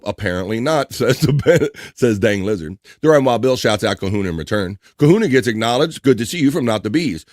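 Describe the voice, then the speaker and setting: A man hosting a livestream, chattily reading out chat messages and shout-outs with quick asides. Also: medium pitch. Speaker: livestream host.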